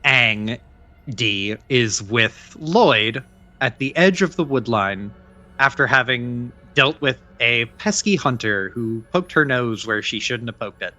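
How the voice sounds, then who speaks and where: A man running a tabletop game as game master, narrating in a relaxed, halting way. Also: mid-range voice.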